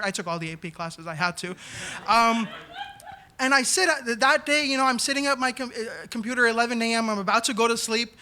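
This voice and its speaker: A man in his thirties from New York City telling a comic story on a theater stage, animated, acting out the voices he quotes. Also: very high voice, a little hiss or hum. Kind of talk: live comedic storytelling. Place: small theater stage, live audience.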